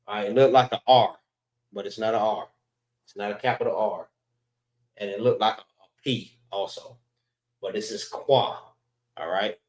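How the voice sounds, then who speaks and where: A man teaching an alphabet class, drilling letter sounds slowly and repeating them for his students. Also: on the low side, reverberant. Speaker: class instructor.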